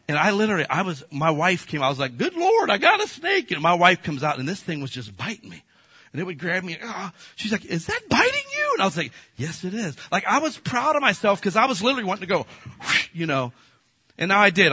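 A man preaching a sermon in a folksy, animated storytelling manner, acting out the voices in his stories. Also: fairly high pitch, husky, no echo. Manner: folksy, addresses the congregation as folks. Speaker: pastor.

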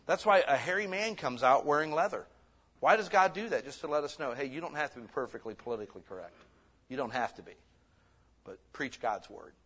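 Lively conversational preacher man. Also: a little high, a little fast, slightly rough. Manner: lively, conversational preaching that swings from loud to soft. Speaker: pastor. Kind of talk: sermon.

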